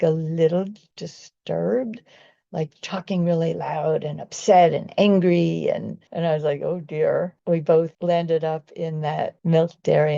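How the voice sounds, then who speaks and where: A woman's voice: lowish voice, vocal fry, dark tone, no room sound, dull audio. A woman and vegan activist telling a personal story in an earnest, rambling way, often restarting her sentences.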